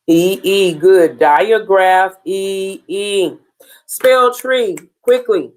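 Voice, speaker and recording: A woman teaching a beginners' phonics lesson, slow and deliberate, drilling sounds and spelling words letter by letter. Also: mid-range voice, expressive, rough recording.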